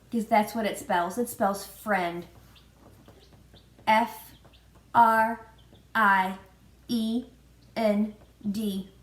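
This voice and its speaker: Slow sing-song preschool teacher woman. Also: on the high side. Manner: slow, sing-song prompting with spelled-out letters. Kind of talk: children's virtual lesson. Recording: echoey room.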